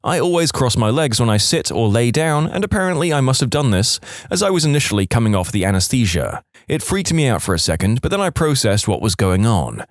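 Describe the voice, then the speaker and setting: Lively man reading stories. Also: mid-range voice, fairly quick, few pauses, dry recording, studio quality. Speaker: story narrator. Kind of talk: reading submitted stories aloud.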